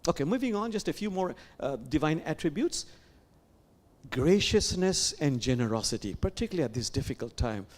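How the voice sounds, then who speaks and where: A man leading a sermon as imam, speaking in an animated way with repeated phrases and questions to the listeners. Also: a little high, brisk. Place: sanctuary.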